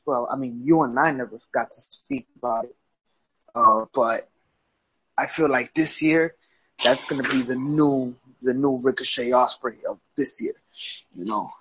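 Husky, rambling man on dull audio. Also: medium pitch, measured pace, fairly bright tone, no room sound. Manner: loose, profane, rambling with restarts. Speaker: podcast co-host. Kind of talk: casual wrestling chat.

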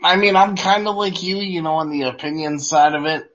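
A man's voice: a little high, a little fast, a bit bright. A man co-hosting a casual wrestling chat, laid-back and drowsy, laughing easily. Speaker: podcast co-host. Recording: dull lo-fi audio.

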